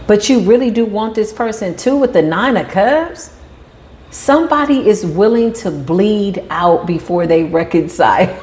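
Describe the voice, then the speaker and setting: A woman giving a tarot reading in an animated, emphatic way, sometimes acting out the voices of the people she describes. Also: mid-range voice, measured pace, slight background noise. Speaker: tarot reader.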